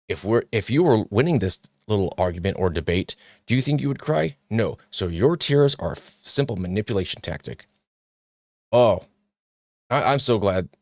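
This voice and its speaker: A man's voice: on the low side, a little mellow, no room sound, studio quality. A male podcast host reading points off a list and reacting with sarcastic, mocking asides.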